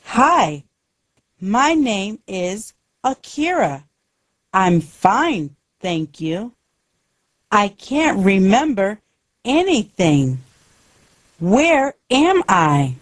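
A woman voicing a young male bird who is lost and scared, speaking simple lines slowly and clearly. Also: mid-range voice, very animated, dry recording, studio quality. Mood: polite, confused.

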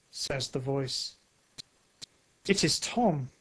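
A man narrating a simple storybook slowly and clearly. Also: on the high side, low-quality recording. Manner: slow, clear, simple phrasing.

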